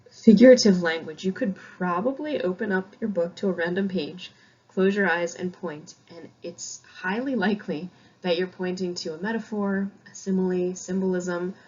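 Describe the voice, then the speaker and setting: A woman from Connecticut, a high school English teacher, explaining a novel in a chatty, self-deprecating recorded lecture. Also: a little mellow, dull audio, a little hiss or hum.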